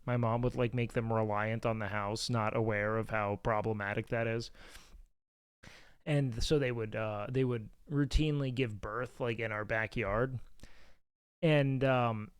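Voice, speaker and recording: A man streaming, telling rambling, profane stories in a casual, animated way on a close mic. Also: mid-range voice, a little slow, clear, resonant tone, no echo. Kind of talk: casual storytelling chat.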